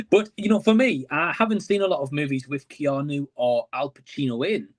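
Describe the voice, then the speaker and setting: A man's voice: a little high, normal speed. A man appearing as a guest on a live movie-review stream, talking in an easygoing, enthusiastic way with plenty of fillers. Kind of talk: casual conversation.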